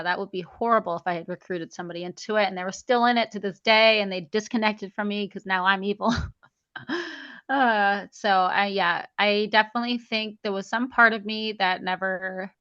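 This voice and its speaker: A woman talks through her own story on an interview podcast, slipping into the voices of the people she quotes. Her voice is bright and forceful. The recording is dry and a little dull, with a lo-fi edge. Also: medium pitch, clean tone, no echo. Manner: chatty, acts out quoted dialogue, many "like"s. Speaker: guest, memoir author.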